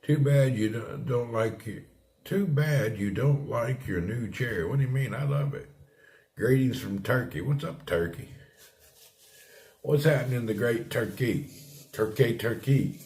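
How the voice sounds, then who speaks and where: A man's voice: mid-range voice, unhurried, gravelly, a little mellow. Laid-back man streaming live, roomy sound. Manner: laid-back, laughs often, chats with viewers. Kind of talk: casual live-stream chat. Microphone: streaming setup. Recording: roomy echo.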